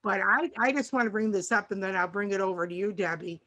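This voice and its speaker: An older woman chatting casually as a co-host, meandering from one thought to the next. She often restarts her sentences and slips into little acted-out snippets of dialogue. Her pitch sits at a middling level. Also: fast talker, dull audio, a little hiss or hum. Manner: rambling, warm, restarts often and acts out dialogue. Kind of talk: casual chat.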